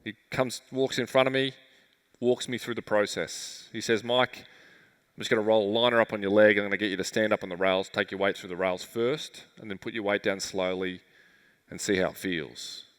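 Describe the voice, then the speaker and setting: A man's voice: on the low side, fairly even intonation, moderate pace, a bit bright. An Australian man telling a vivid, emotional personal story as a keynote speaker at a conference. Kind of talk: storytelling talk on stage. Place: large conference hall. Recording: reverberant conference hall.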